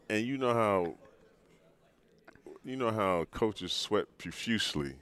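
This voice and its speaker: A man in his sixties, a former pro athlete, telling stories in a podcast interview with a relaxed, rambling manner. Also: on the low side, slow pace, pauses often. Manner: relaxed, rambling, frequent restarts and laughs. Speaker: former pro basketball player, guest.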